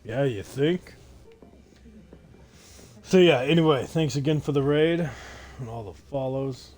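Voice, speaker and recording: A man's voice: medium pitch, a little slow, darkish tone. A man streaming a video game from his console, talking casually with a brash, profane, joking manner. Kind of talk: casual live-stream commentary.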